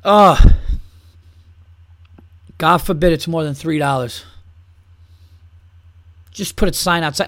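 A man's voice: fairly high pitch, takes it slowly, pauses often, fairly bright tone, no echo, clean studio sound. A man hosting a podcast, ranting in a casual, comedic way, swearing often and mocking people with heat. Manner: profane, heated, mocking. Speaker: podcast host.

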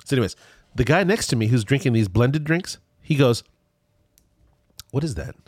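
A man's voice: medium pitch, lively intonation, normal speed, darkish tone, breathy edge, dry recording, studio quality. A man telling a rambling travel story in casual chat, with many restarts.

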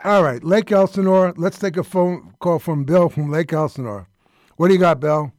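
A man's voice: on the high side, moderate pace, a little mellow, no echo. Guy hosting a comedy radio show, rambly and sarcastic, dry close studio sound. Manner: rambling, sarcastic, full of fillers. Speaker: radio host. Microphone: studio mic.

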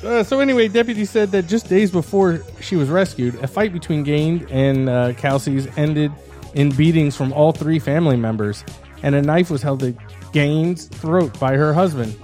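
A man's voice: on the high side, normal speed, mellow, faint music behind. A man from New Jersey, a comedy podcast co-host, reading a news story aloud with stumbles and jokes. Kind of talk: casual comedy podcast banter.

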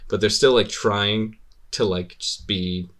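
A man with a fairly low voice chats loosely on a podcast. He rambles through stories, swears freely and laughs often as he goes. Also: steady tone, slow pace, a bit bright. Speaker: podcast host. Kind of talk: casual podcast chat.

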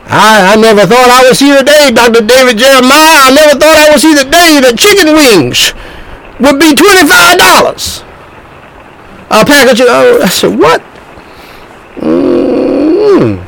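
A man preaching a sermon in an emphatic, animated way, often repeating himself. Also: very high-pitched, a little slow, vocal fry, a little hiss or hum, low-quality recording.

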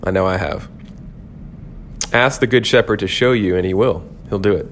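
A man with a fairly low voice teaches scripture on a podcast in an earnest, reflective way. He often stops partway through a sentence and starts it again. A faint low rumble sits under the recording. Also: moderate pace. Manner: earnest, thoughtful, with frequent restarts and fillers. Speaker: podcast host, pastor.

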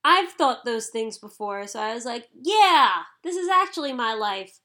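A woman co-hosting a casual chat about anime, bubbly, excitable and quick to giggle. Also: a little high.

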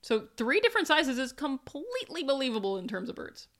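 A woman's voice: high voice, very animated, brisk, a bit bright. A woman co-hosting a podcast, chatting casually about a picture book and teasing her co-host playfully. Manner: playful, teasing, argues jokingly.

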